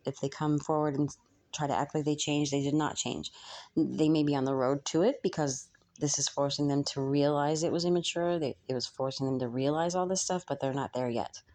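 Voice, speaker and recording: A woman's voice: sits low, steady tone, brisk, a little mellow. A young woman channeling messages for her viewers in a spiritual reading, musing aloud with frequent ums and hesitations.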